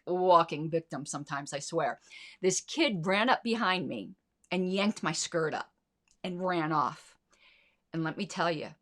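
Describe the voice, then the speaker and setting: Low in pitch yet fairly bright in tone, a middle-aged woman delivers political commentary on a livestream. Her sarcasm shows in pointed rhetorical questions, and she's blunt, indignant and heavy on profanity.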